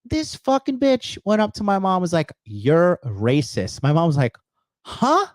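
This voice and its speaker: A man's voice: high-pitched, big pitch swings, brisk, a little mellow, no room sound, clean studio sound. A man hosting a call-in show, delivering a blunt, profane, heated rant. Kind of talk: casual ranting monologue.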